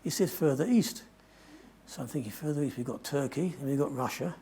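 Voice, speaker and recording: A man's voice: mid-range voice, lively intonation, brisk, warm tone, slightly rough. An older man giving a talk to an audience, telling a long adventure story in a rambling way and often correcting himself. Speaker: guest speaker.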